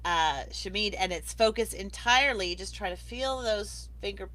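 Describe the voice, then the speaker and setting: A woman's voice: mid-range voice, moderate pace, fairly bright tone. A woman hosting a live online awards broadcast, chatty and enthusiastic, laughing often as she talks over a video call. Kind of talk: casual live-stream hosting.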